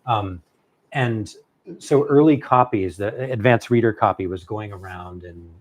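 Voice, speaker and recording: A man, a novelist, telling a long story in casual conversation, animated and halting with many fillers and restarts. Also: lowish voice. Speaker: novelist guest.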